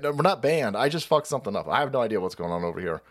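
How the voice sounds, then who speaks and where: A podcast host in his thirties rants about politics on a stream, with a fast, lowish voice that swings widely in pitch. He is foul-mouthed and mocking and slips into silly voices.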